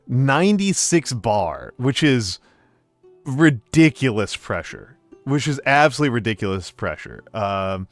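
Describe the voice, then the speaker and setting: A man's voice: medium pitch, dry recording. A man streaming a game and chatting with his viewers, with many ums and uhs and frequent restarts. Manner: hesitant, filler-heavy, warm greetings to chat. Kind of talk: casual stream chat.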